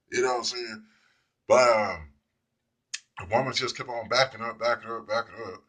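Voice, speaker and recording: A man with a husky, slightly breathy voice at an ordinary middle pitch tells a long story from his own life. He rambles casually from one detail to the next and now and then acts out the people in it. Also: normal speed, pauses often, sharp tone. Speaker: speaker telling personal stories.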